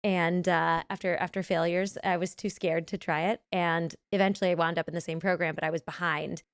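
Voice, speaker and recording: A woman's voice: on the low side, level tone, fairly quick, clean tone, dry recording, studio quality. Enthusiastic woman hosting a podcast chat. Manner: enthusiastic, gushing, asks leading questions. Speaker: podcast host, actress. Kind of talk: casual interview chat.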